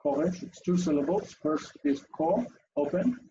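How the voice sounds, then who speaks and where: A man with a slightly high voice speaks at a moderate pace, the audio dull and backed by noise. Animated, he leads an interactive online language lesson over a video call, calling on students by name in turn and thinking aloud as he explains.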